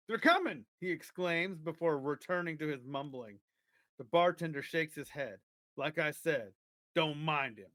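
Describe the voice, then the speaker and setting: A man's voice: fairly high pitch, dry recording. A man co-hosting a podcast, chatting casually and reading an adventure story aloud to listeners. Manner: casual banter, reads the story aloud at an even pace.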